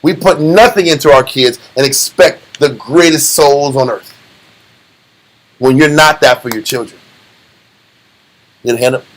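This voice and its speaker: A man's voice: mid-range voice, measured pace, pauses often, low-quality recording. A man with a Texas accent giving an informal church teaching, casual and streetwise with joking asides. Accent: Southern US, Texas. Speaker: teacher of a church study class.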